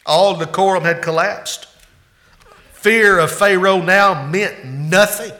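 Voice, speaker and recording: Bright-voiced, emphatic male preacher. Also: sits high, slow pace. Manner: emphatic preaching that swings between loud climaxes and hushed asides. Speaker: pastor. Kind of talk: sermon.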